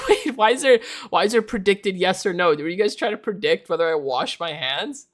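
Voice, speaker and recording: A man's voice: sits high, big pitch swings, moderate pace. Giggly young man streaming. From Canada. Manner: giggly, laughs often, rambling. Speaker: livestreamer. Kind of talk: casual live-stream chat.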